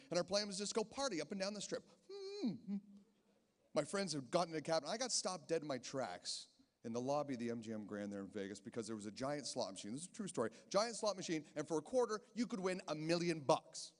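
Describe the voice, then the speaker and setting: Male comic, thirties, high voice, chatty storyteller, casino showroom with long reverb. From Canada. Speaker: stand-up comedian. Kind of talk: stand-up comedy set. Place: casino stage.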